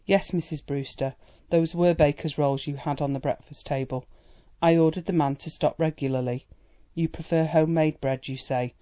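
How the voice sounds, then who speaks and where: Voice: medium pitch, steady tone, moderate pace, dark tone, lightly acted. A reader voicing a haughty young maid who speaks in a cold, firm and proper way, in an audiobook. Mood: frosty. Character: haughty young woman house maid, frosty.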